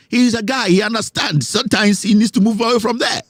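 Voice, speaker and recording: A Ghanaian man hosting a talk show, giving animated, mocking commentary and mixing English with Twi. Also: high voice, a little fast, no room sound, clean studio sound.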